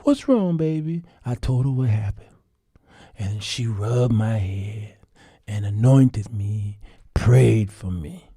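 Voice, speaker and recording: A man hosting his show, telling a comic story animated and laughing, calling listeners y'all. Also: lowish voice, takes it slowly, slightly rough, no echo, clean studio sound. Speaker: show host.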